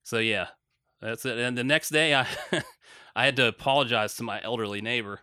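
A man telling a profane story in casual chat, with loud reenacted shouting. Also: mid-range voice, brisk, clean tone, no echo, studio quality. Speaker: podcast co-host.

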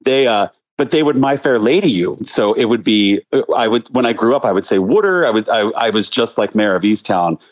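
A man's voice: on the low side, fairly quick, hardly any pauses. A man in his thirties from the Philadelphia area, a choreographer chatting as an interview guest, telling stories animatedly with many restarts. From Delaware County outside Philadelphia, USA. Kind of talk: casual interview chat. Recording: dull lo-fi recording.

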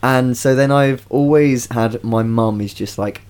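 A man's voice: medium pitch, a little slow, darkish tone, clear, resonant tone. A young man co-hosting a casual chat podcast, chatty, often repeating words as he talks. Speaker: podcast co-host, stage actor.

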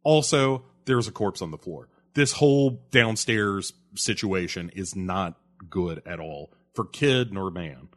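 A man's voice: low voice, expressive, slow pace, hardly any pauses. A man hosting a podcast, recapping a movie plot in a casual, rambling way, full of fillers and awkward laughs at grim moments. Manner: rambling, heavy on fillers like uh and you know. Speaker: podcast host.

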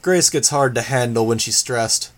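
A man reading an audiobook, voicing a polite young man with a calm manner. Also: medium pitch, normal speed, natural voice.

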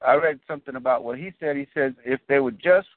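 A man co-hosting a casual sports podcast, rambling and restarting his sentences, getting animated when he explains a point. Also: mid-range voice, fast, no room sound. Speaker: podcast co-host. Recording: dry, phone-like lo-fi audio.

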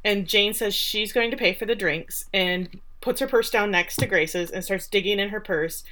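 Chatty woman retelling a tv episode, bright voice, kinda sarcastic. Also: mid-range voice, normal speed. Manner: chatty recap with sarcastic asides and acted-out quotes. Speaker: podcast co-host recapping a TV episode. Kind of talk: casual chat.

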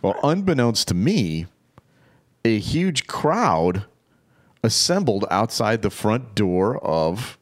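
A man's voice: on the low side, very animated, slow pace. A man co-hosting a podcast, telling a story casually and laughing often. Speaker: podcast co-host.

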